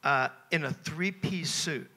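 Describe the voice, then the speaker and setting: Bright-voiced older American man telling stories. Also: a little high, slow pace, breathy edge. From United States. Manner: lively, self-mocking, chuckles between phrases. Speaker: interview guest. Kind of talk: anecdotal Q&A storytelling. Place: Q&A session on a cruise ship.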